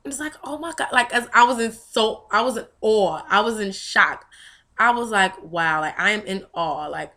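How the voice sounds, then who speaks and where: A woman's voice: medium pitch, moderate pace, sharp tone. A young woman vlogger telling a personal story candidly and emotionally, with frequent fillers. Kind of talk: personal testimony vlog.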